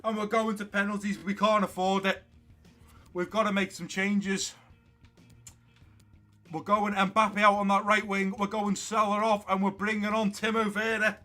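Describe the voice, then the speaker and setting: A man playing a football video game and commentating on it for his viewers, excitable and quick to shout at the play. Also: high voice, faint music behind. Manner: talks to viewers as guys and lads. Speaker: gaming YouTuber.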